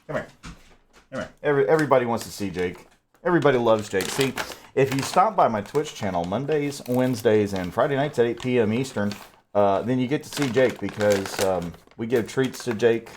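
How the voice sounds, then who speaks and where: A man's voice: lowish voice, darkish tone, a little hiss or hum. A man chatting casually and rambling, stammering as he talks to his dog. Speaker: audiobook narrator and streamer. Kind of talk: casual chat.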